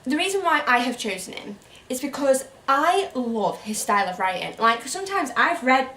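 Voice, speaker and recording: A woman's voice: high voice, sing-song, normal speed, bright, forceful tone, echoey room, far from the mic. A woman co-hosting a book channel in casual chat, saying "like" a lot and laughing easily. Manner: chatty, lots of "like", can't stop laughing once started.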